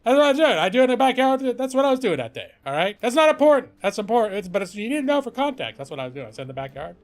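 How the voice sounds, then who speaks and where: A man putting on the voice of an overexcited viewer who rambles through a story in a frantic, shouty way with dramatic pauses. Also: extremely high pitch, big pitch swings, soft background music, voice pushed up, exaggerated voice. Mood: breathless, excited.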